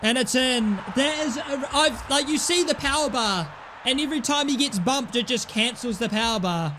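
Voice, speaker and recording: A young man commentating his own football game play, excitable, grumbling at misses and yelling at goals. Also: very high-pitched, normal speed, slight background noise. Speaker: gaming YouTuber. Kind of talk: casual gameplay commentary.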